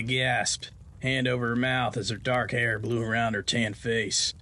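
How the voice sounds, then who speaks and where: A man's voice: medium pitch, level tone, moderate pace, bright, forceful tone. Folksy male storyteller narrating. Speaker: podcast host and narrator.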